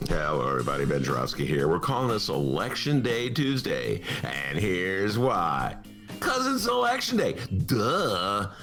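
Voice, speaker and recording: A man's voice: low-pitched, sing-song, a little slow, a bit bright, faint music behind. A middle-aged man hosting a casual podcast talk show from a studio, rambling through jokes and asides with frequent chuckles. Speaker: podcast host.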